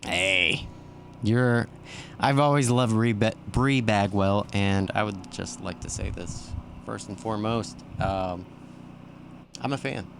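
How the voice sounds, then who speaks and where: A man's voice: lowish voice, slow, vocal fry, a little hiss or hum. A man from Texas, a podcast guest, telling stories in a laid-back way and laughing often. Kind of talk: casual podcast interview.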